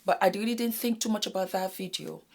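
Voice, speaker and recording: A woman from West Africa hosting a casual commentary video, talking earnestly to her viewers and dropping to a hushed whisper to stress a point. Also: medium pitch, quick pace, creaky. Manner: addresses viewers as "my darlings". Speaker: YouTube host.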